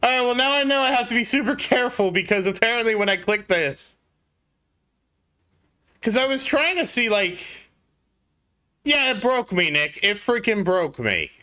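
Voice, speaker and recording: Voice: medium pitch, animated, normal speed, pauses often, sharp tone. A game streamer talking casually to live viewers, flustered, apologetic and laughing at their own mistake.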